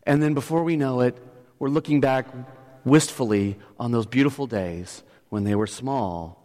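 A man's voice: medium pitch, moderate pace, darkish tone. A middle-aged male pastor preaching a sermon, telling a story with restarts and building to emphatic points. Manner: storytelling, often restarts, rises to emphatic peaks. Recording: long hall reverb.

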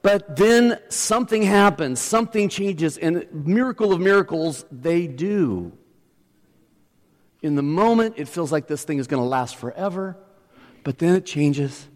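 A man's voice: on the high side, lively intonation, a little slow. A middle-aged male pastor preaching a sermon, telling a story with restarts and building to emphatic points. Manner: storytelling, often restarts, rises to emphatic peaks. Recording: long hall reverb.

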